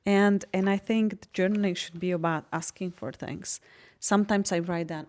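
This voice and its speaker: Woman from hungary chatting on a podcast, lowish voice, tells stories with lots of laughs and swings in feeling. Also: normal speed. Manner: animated storytelling, laughs often, frank and expressive. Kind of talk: casual podcast chat.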